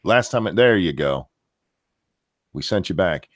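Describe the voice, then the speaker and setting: A man's voice: low-pitched, lively intonation, measured pace, dry recording, clean studio sound. A man from the United States co-hosting a casual talk show, blunt and fond of crude jokes. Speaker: co-host. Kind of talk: casual chat.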